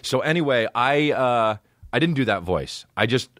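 A man, a podcast host telling stories in a casual, animated way, swearing a lot and acting out voices. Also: medium pitch, moderate pace, no room sound, studio quality. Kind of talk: casual storytelling.

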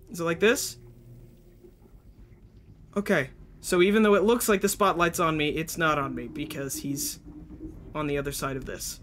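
A man's voice: a little high, steady tone, normal speed, pauses often, fairly bright tone, a little hiss or hum. A young man streaming live, giving jittery, panicky commentary as he plays and talks to his chat.

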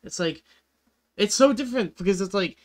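A man's voice: high-pitched, expressive, normal speed. A man hosting a music reaction video, chatting casually and earnestly, rambling with lots of "like" and "you know".

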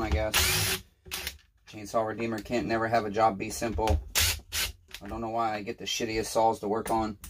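A man's voice: medium pitch, very noisy. A tired, frustrated man working as a small-engine repairman who mutters and swears while he works in a casual workshop vlog. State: tired and overwhelmed.

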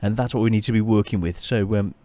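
A man giving casual, chatty gameplay commentary as a channel host, often pausing and restarting his sentences. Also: fairly low pitch, dark tone, slight background noise. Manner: chatty, halting, many restarts and fillers.

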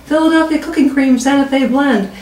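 Baffled ballpark catcher read by a woman, high and startled, in an echoey room heard from afar. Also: fairly quick, a little mellow, distant mic, a little hiss or hum, close to an everyday voice. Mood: puzzled. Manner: exclaiming in surprise. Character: baffled male baseball catcher.

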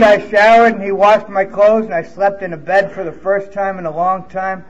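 Speaking at normal speed with a high-sitting voice, flat delivery and hardly any pauses, this New York-accented man tells his recovery story to a conference, raw, emotional and full of frank swearing. A faint crowd can be heard in the hall, and the sound is lo-fi.

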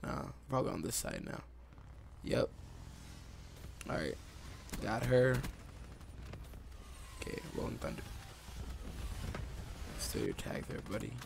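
Excitable young man, gravelly low voice. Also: slow, long pauses, noisy background. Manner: excitable, reacts aloud to the game. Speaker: gaming YouTuber. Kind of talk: live gameplay commentary. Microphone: desktop USB mic.

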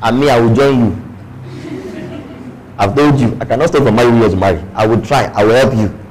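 A man with a Nigerian English accent preaches in church at a middle pitch. He breaks into playful asides and acts out the voices he quotes. A faint noise sits behind him. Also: a little fast, a little mellow, rough recording. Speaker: pastor. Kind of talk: sermon.

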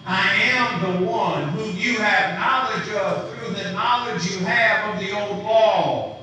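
A man's voice: high voice, slow pace, noisy background. A man preaching a sermon who asks his congregation questions as he teaches. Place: church sanctuary. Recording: roomy, distant church recording.

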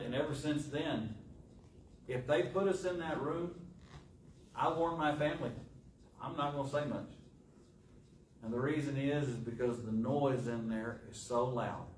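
A middle-aged man preaching a sermon in a church, asking rhetorical questions and pausing for effect. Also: mid-range voice. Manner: rhetorical questions with dramatic pauses. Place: church sanctuary. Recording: echoey church, distant mic, faint hiss.

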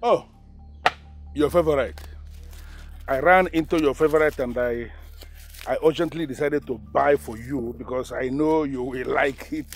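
An actor with a Nigerian accent playing an earnest, doting young husband in a film, speaking in a halting way. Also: male voice, mid-range voice, faint music behind, natural voice. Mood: confused. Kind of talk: Nollywood film acting.

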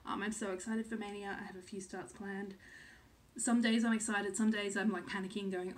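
A woman's voice: mid-range voice, flat delivery, a little fast. Chatty woman in her thirties from Australia. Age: 30s. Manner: chatty, filler-heavy, second-guessing herself. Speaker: cross-stitch vlogger. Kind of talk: casual chat to camera.

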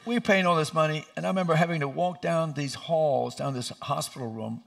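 A middle-aged man preaching as a pastor in a church, telling lively stories and laughing as he goes. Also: fairly high pitch, brisk, gravelly. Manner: animated, laughing storyteller who acts out voices. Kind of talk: sermon with storytelling. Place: church sanctuary.

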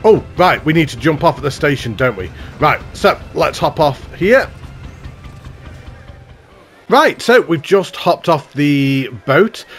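A man hosting a game channel, giving excited, gushing commentary with self-mocking asides. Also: fairly high pitch.

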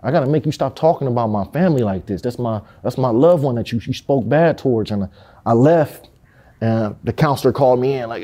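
A man's voice: medium pitch, brisk, mellow. A man telling a candid story from his youth in an interview, in streetwise speech that swears and acts out the people he quotes.

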